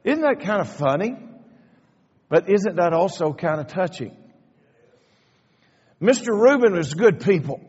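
Pastor guy preaching, highish voice, dull sound with a long church echo. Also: very animated, a little slow, long pauses, darkish tone, slightly rough. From Kentucky. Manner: folksy, storytelling, playful asides to the congregation. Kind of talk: sermon. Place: church sanctuary. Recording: dull lo-fi sound in a reverberant hall.

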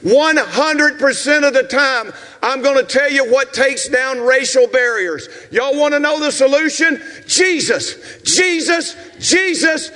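Man, 60s, Southern US accent, pastor preaching in a church, very high bright voice. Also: unhurried, few pauses, big-room sound. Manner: preaching with shouted, rhythmic repetitions and asides to the congregation. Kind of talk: sermon. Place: church sanctuary.

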